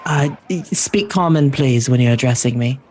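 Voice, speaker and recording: A man's voice: mid-range voice, moderate pace, darkish tone, a little hiss or hum. A man playing a tabletop game, talking in character in a pompous, mock-polite way. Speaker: player. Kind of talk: in-character role-play.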